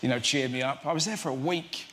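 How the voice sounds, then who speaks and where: A young man who is a comedian guest on a talk show, telling lively anecdotes and dipping into put-on voices. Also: medium pitch, fast, a little hiss or hum.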